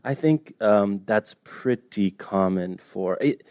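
A man's voice: fairly low pitch, takes it slowly, darkish tone, clear, resonant tone, no room sound, clean studio sound. A man co-hosting a podcast about books, chatting casually and joking at his own stumbles over names. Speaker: podcast co-host. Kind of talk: casual chat.

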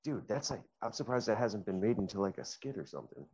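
A man's voice: lowish voice, sing-song, fast talker, a little mellow, husky. A man joining a podcast remotely as guest co-host, laid-back and joking in casual chat, with a dull lo-fi sound.

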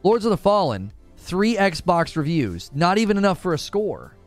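A man hosting a casual livestream, reading chat and acting out his own reactions in lively commentary. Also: high voice, moderate pace, no room sound, faint music behind. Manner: animated, acts out his own past thoughts. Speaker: livestream host.

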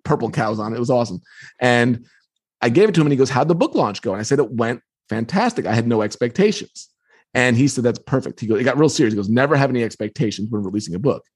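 A man, an author being interviewed, telling a story with energy and quoting others in lively voices. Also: mid-range voice, husky. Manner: quotes others in lively put-on tones. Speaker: author and guest. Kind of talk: animated storytelling.

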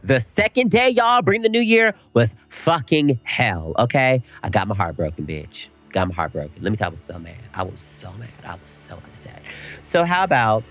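A young man co-hosting a podcast, telling an animated story in casual chat and swearing freely. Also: mid-range voice, moderate pace, soft background music. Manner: animated storytelling, frequent cursing. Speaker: podcast co-host.

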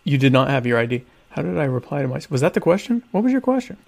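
Gravelly, sarcastic man hosting a livestream. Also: a little high, big pitch swings, racing, darkish tone. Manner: sarcastic, self-mocking, rambling asides. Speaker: livestream show host. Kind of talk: casual rambling livestream chat.

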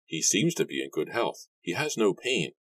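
A man's voice: deep voice, very animated, normal speed, a bit bright, slightly rough, dry recording, voice pushed up, exaggerated voice. A man voicing a gloomy, brooding young man in a storybook reading, speaking in a subdued, worried way.

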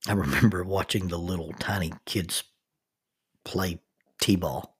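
A man hosting his own podcast, telling stories and reflecting in a slow, soft-spoken, intimate way that sometimes drops almost to a whisper. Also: deep voice, slightly rough. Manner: quiet, intimate delivery, dropping to near whisper. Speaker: podcast host. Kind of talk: reflective devotional podcast talk.

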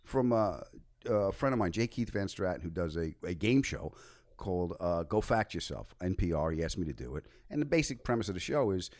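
A man as a podcast guest, telling stories in casual chat with loud excited bursts. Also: sits low, brisk.

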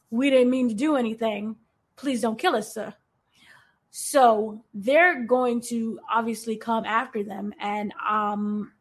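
A woman talking casually about a TV episode, animated and acting out the characters' lines as she goes. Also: fairly high pitch. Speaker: podcast panelist.

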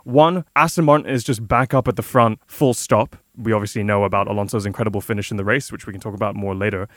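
A man's voice: fairly low pitch, steady tone, quick pace, a bit bright, no echo, clean studio sound. A man co-hosting a casual podcast chat, talkative, with sarcastic asides and frequent restarts. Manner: chatty, sarcastic asides, repeats words when starting sentences. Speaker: podcast co-host.

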